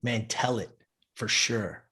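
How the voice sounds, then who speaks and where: A man's voice: lowish voice, takes it slowly, sharp tone, breathy edge. A man giving a blunt, profane motivational talk as a podcast guest. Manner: blunt, intense, swears often.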